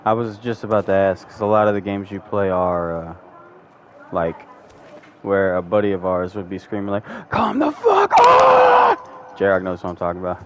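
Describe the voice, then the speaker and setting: A man hosting a podcast, chatting casually and jokingly while playing a game with friends, breaking into loud exclamations. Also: low voice, little pitch movement, brisk, slight background noise. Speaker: podcast host. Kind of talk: casual gaming chat.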